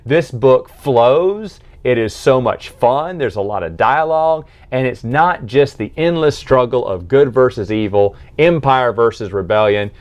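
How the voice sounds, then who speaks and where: A man's voice: medium pitch, animated, unhurried, hardly any pauses. A man giving a casual book review, retelling scenes enthusiastically with lots of fillers and restarts.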